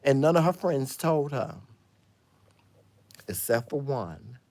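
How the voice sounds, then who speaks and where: Sassy, animated man spilling gossip. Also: medium pitch, slow pace. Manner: sassy, animated gossip storytelling with frequent "honey" and "child"; dramatic exclamations and swings in loudness. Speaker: vlogger. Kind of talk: casual monologue vlog.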